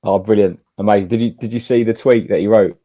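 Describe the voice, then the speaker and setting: A man's voice: lowish voice, steady tone, fast talker, mellow. A man appearing as a guest on a fan show, enthusiastic and emphatic. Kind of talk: casual live show chat.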